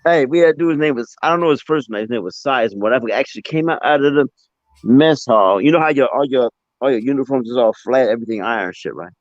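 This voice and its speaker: A man's voice: mid-range voice, fast talker, dry recording, lo-fi sound. A man in casual chat, telling jokey army stories and laughing often.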